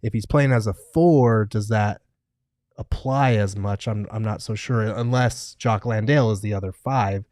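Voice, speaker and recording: A man co-hosting a casual sports talk show, measured and hedging as he thinks aloud. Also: lowish voice, a little mellow, dry recording, clean studio sound. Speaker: co-host.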